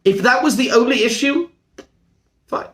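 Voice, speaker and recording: Animated, emphatic male rabbi teaching. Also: fairly high pitch, normal speed. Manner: animated, emphatic, repeats words while thinking. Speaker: rabbi teaching a seminar class. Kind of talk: discussion-style lecture.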